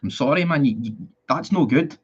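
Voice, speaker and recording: A man's voice: mid-range voice, expressive, moderate pace, slightly rough. Man, 20s, Northern Irish accent, casual live-stream chat, rambling, blunt, swears, muffled lo-fi sound. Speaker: football fan streamer. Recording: dull lo-fi sound.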